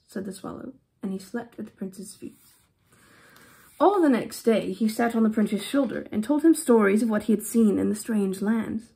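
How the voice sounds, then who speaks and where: A woman reading a fairy tale aloud for children with an affected English-style accent, expressive and pausing for short explanatory asides. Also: medium pitch, creaky. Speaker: storybook reader.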